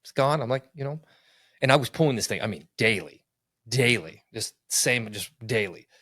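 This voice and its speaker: A middle-aged man telling a personal story in casual conversation, earnest and animated, acting out what people said. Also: medium pitch, moderate pace, breathy edge, no room sound, clean studio sound. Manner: earnest, animated, acts out quotes.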